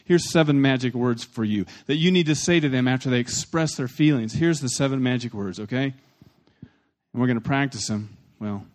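A pastor preaching a sermon. He is animated and plain-spoken, with blunt humor, and he leads the congregation in repeating phrases. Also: medium pitch, fairly quick. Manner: animated, swings between loud emphasis and soft asides.

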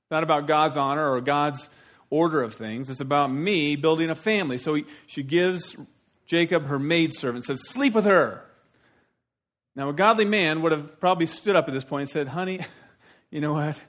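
A middle-aged man preaching a sermon, telling the story in a folksy, animated way with sudden loud outbursts. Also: a little high, a little fast. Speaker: pastor.

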